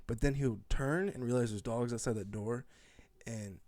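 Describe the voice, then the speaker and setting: A man co-hosting a casual podcast, telling an animated story, acting out quotes and laughing often. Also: mid-range voice, normal speed, no echo, studio quality. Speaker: podcast co-host. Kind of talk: casual chat.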